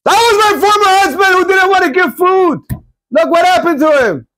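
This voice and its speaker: A man's voice: very high-pitched, moderate pace, a bit bright, pitched above the performer's own voice. A man voicing a tearful remarried wife who speaks in a lamenting way.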